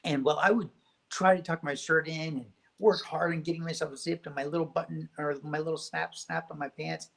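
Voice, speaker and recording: A man speaking as a guest in a reflective spiritual conversation, soft, gentle and unhurried. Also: fairly high pitch, fairly even intonation, creaky, poor audio. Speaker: podcast guest.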